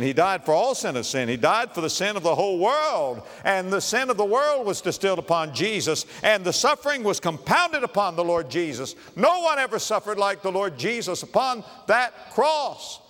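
Dramatic male preacher in a reverberant hall. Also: big pitch swings. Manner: dramatic, swinging from loud declarations to hushed low phrases; slow, emphatic repetition. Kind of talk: sermon.

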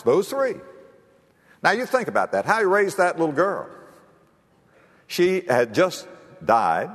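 Preacher in a reverberant hall. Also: male voice, on the high side. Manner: storytelling preacher, acting out voices, swings between loud and hushed. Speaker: pastor. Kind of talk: sermon.

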